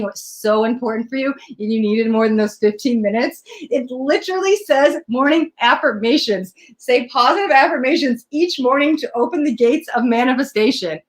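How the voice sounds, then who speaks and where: A woman with a slightly high voice runs a live tarot reading, chatting casually with viewers as she pulls cards. She gets excitable and gushing, laughing easily, and her voice comes through a laptop's built-in mic. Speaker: tarot reader.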